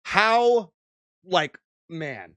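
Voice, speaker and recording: Young man, streamer, exasperated swearing rant, bouncy pitch, slightly high. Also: very animated, very slow, pushed and bright, no room sound, clean studio sound. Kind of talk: ranting stream commentary.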